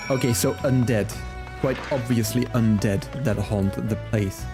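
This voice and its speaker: A man's voice: medium pitch, unhurried, over music. A man streaming a game, chatting casually and rambling to his viewers. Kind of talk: casual gaming stream chat.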